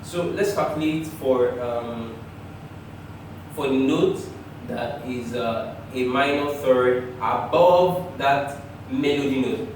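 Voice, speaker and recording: A man teaching choir harmony, talking through the theory and now and then singing short phrases, sometimes in falsetto. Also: slow pace, very echoey, far from the mic, a little hiss or hum, poor audio. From Nigeria. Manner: talks through theory, often breaks into sung phrases, chuckles. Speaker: music teacher. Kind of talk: choir harmony lesson with sung examples. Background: piano.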